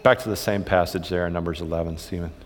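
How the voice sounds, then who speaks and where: A man's voice: sits low, steady tone, quick pace, long reverb tail, a little hiss or hum. A man preaching a sermon in a church, conversational and humorous, often checking in with "right?" as he goes. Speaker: pastor. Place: church sanctuary.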